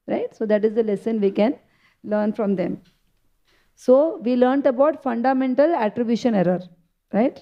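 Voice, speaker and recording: A woman with a fairly high voice gives a devotional talk at a temple festival. She retells a sacred story and keeps checking in with her listeners. The recording sounds dull and lo-fi. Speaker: spiritual speaker.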